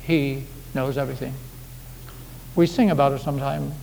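A man's voice: mid-range voice, steady tone, moderate pace, gravelly, a little mellow. A man preaching a sermon as pastor, in a folksy, conversational way full of homely anecdotes, recorded in a church sanctuary. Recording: echoey hall with faint background hiss.

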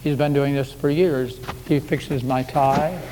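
A man's voice: mid-range voice, steady tone, unhurried. Folksy preacher man in an echoey hall. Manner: folksy, conversational preaching with anecdotes. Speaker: pastor. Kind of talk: sermon. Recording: echoey hall with faint background hiss.

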